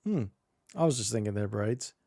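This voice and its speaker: Brief: male streamer host, mellow and relaxed tone, dry close sound, jokey and laughing. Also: lowish voice, normal speed, vocal fry, no room sound. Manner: joking, laughs often. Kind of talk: casual live-stream chat.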